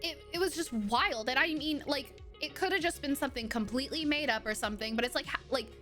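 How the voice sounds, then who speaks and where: Young female streamer, bright high voice, rambling animated storytelling with swearing. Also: fast, soft background music. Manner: animated, profane, rambling with many restarts. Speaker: live streamer. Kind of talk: casual storytelling to stream chat.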